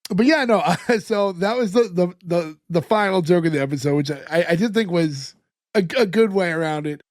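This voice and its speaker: Give me a high-pitched man laughing his way through a casual podcast recap, dry sound. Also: brisk, no echo. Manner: recaps scenes, laughs a lot. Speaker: podcast co-host. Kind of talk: casual chat.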